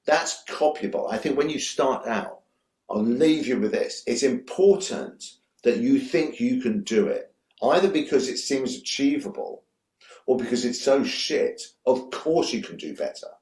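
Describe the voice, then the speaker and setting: A man's voice: mid-range voice, expressive, unhurried, a little mellow, reverberant. A man, a guest director telling rambling, enthusiastic stories in a casual interview, swearing freely. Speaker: guest, music video director.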